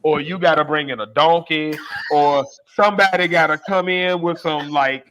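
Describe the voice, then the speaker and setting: A man's voice: on the high side, normal speed, few pauses, a bit bright. A man co-hosting a podcast, going off on a comedic, profane, exasperated rant in casual talk. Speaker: podcast co-host.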